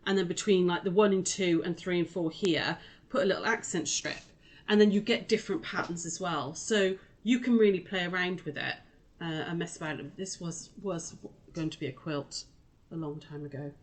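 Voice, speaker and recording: A woman's voice: fairly low pitch, moderate pace. A woman hosting a casual live quilting demonstration, chatty and rambling as she talks straight to her viewers. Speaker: quilting shop host.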